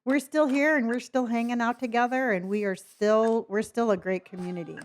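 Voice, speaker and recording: Her voice sits on the high side, holding a steady tone at a fairly quick pace. This Californian woman speaks in a neutral accent touched by a slight Southern lilt. On her live stream she keeps things chatty and warm, talking to her pets as well as the viewers in chat.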